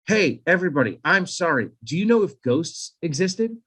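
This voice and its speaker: A man co-hosting a podcast, talking casually in a rambling, profane, animated way, full of asides. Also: on the high side, moderate pace. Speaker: podcast co-host.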